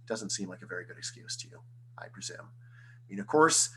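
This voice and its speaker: A man's voice: medium pitch, a bit bright, rough recording. Man lecturing over a faint hum. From United States. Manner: conversational, fast, full of rhetorical questions and restarts. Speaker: economics professor giving a talk. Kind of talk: online lecture with slides.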